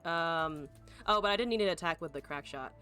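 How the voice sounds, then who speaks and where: Woman streamer, lowish pitch and a forceful edge, casual play-by-play talk to chat. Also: brisk, clear, resonant tone, faint music behind. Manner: thinks aloud, swears, talks to chat. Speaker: card game streamer. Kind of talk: live gameplay commentary.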